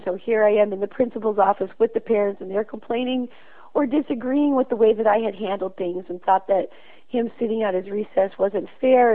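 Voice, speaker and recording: A school principal, a woman, calling in to tell a story in an earnest, conversational way. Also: medium pitch. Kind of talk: phoned-in storytelling. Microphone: phone. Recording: tinny phone line.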